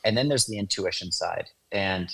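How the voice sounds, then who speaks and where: A man with a husky, slightly low voice talks through his ideas in a relaxed interview. He explains patiently, stringing thoughts together with plenty of fillers. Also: moderate pace, poor audio. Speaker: guest, design agency founder. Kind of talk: casual interview talk.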